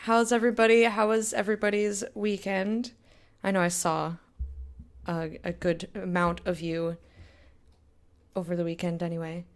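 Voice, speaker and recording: A woman's voice: lowish voice, flat delivery, normal speed, long pauses. A young woman chatting casually with her stream viewers while gaming, rambling, laughing often and going off on tangents. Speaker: game streamer.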